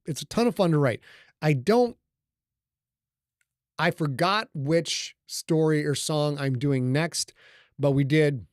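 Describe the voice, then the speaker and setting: A man's voice: on the high side, a little mellow, no echo, studio quality. A middle-aged man hosting a casual livestream, talking loosely and joking with his audience. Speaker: livestream host and author. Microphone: studio microphone.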